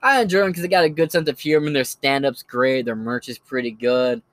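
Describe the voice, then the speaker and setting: A man's voice: mid-range voice, brisk, dry recording. A man talking casually and profanely as he rambles through recommendations of online creators. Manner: rambling, profane, laid-back. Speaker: channel host recommending creators. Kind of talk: casual solo commentary.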